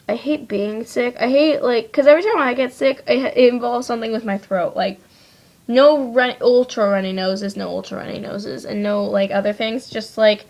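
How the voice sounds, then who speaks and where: A woman's voice: mid-range voice, creaky, a little mellow. A teenage girl chatting casually to her webcam while wiping off her makeup, rambling with lots of likes and ums. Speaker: vlogger. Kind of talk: casual chat to camera.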